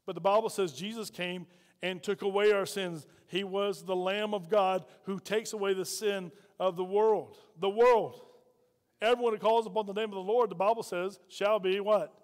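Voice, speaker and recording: A man's voice: sits high, steady tone, moderate pace, in a large hall. A man preaching a sermon as pastor, folksy and full of call-and-response questions to the congregation.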